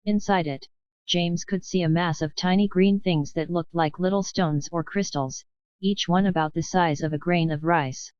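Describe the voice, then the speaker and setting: A woman reading a children's storybook aloud, measured and expressive. Her voice is lowish and smooth, recorded dry and close, with a slightly dull top end. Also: no echo. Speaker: audiobook narrator. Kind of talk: scripted storybook narration.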